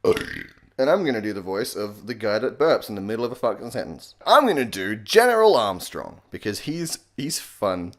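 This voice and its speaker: Australian man, deadpan, sarcastic, sweary, lowish pitch, lively intonation. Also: normal speed. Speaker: comedy YouTuber. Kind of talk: joking voice tutorial.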